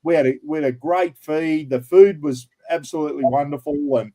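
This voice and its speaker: A man's voice: on the high side, a little fast, warm tone. Chatty Australian man hosting a stream. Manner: chatty, matey, laughs easily. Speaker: livestream host. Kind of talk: casual chat and prize draw.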